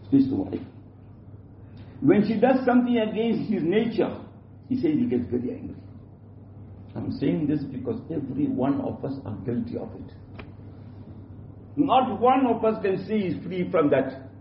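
An Islamic preacher with a high-sitting voice delivers an emphatic, repetitive sermon, very animated but a little slow, pausing often and frequently restarting sentences. He's recorded from a distance in a prayer hall, giving roomy, dull lo-fi audio with a faint hum.

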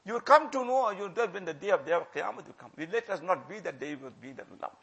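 Husky, impassioned male preacher. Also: high voice, lively intonation, quick pace, dull audio. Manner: impassioned, repeats phrases for emphasis, swings from loud to hushed. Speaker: religious preacher. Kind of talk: sermon.

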